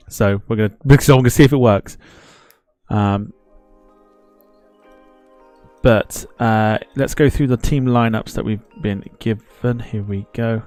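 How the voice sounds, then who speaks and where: A man's voice: on the low side, darkish tone, no room sound. A man hosting a live football watchalong stream, chatting casually, greeting viewers in the chat and laughing at himself as he rambles.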